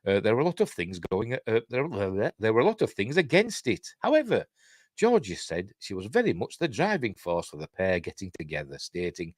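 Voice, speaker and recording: Chatty older Yorkshire man, lively pitch. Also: moderate pace, no echo, studio quality. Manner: chatty, rambling asides and self-mocking laughs. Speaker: host reading entertainment news. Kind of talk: casual live-stream news reading.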